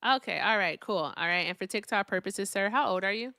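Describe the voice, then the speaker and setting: A woman's voice: medium pitch, fairly quick, sharp tone, no echo. A woman hosting a live call-in debate stream, blunt and profane with callers, chatting casually with viewers between calls.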